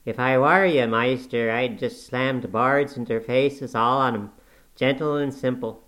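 A man's voice: mid-range voice, fairly even intonation, lightly acted. A man doing a cranky old servant. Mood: spiteful. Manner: slow, loud, preachy ranting. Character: cantankerous old male servant, pious and scolding.

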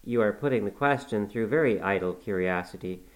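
A man's voice: fairly low pitch, a little fast, natural voice, poor audio. Brooding curt master, read by a man. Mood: mocking. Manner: terse, dismissive. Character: brooding, curt middle-aged master of the house.

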